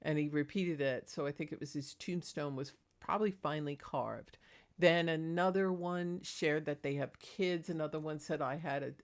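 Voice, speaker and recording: A woman's voice: sits low, moderate pace. A woman talking casually in a rambling, chatty vlog about her paranormal experiences, laughing between thoughts. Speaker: paranormal vlogger.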